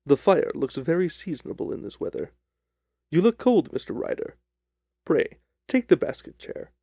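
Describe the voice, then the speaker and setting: Brief: composed, ironic sleuth, gravelly and dark in tone, dry close recording, read by a man. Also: fairly high pitch, big pitch swings, dry recording, exaggerated voice. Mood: sly. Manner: measured, dryly ironic. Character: calm, sly, confident male detective. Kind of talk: audiobook reading of a detective story.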